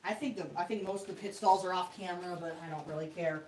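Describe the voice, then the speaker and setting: A woman's voice: on the low side, fairly even intonation, fast talker, darkish tone, slight background noise, low-quality recording. A woman hosting a casual livestream from a home tabletop setup, self-deprecating and chuckling often. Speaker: host of a toy robot fight livestream.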